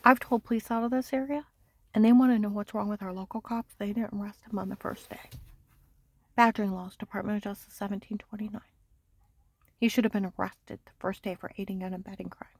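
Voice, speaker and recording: A woman telling a long personal story in a rambling monologue, agitated and insistent, repeating herself and sometimes dropping to a hushed near-whisper. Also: medium pitch, steady tone, fairly quick, dry recording. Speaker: vlogger.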